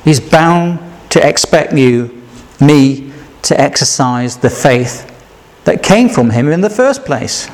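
A man preaches in an easy, conversational way, often pausing on rhetorical questions. His voice sits somewhat high for a man. He acts out the quoted lines with a bit of play. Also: animated, darkish tone. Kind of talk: sermon.

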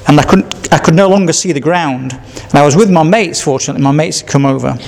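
A man's voice: on the high side, fast, creaky, darkish tone. An older man telling a rambling personal testimony, repeating himself and chuckling between memories. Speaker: speaker sharing his testimony.

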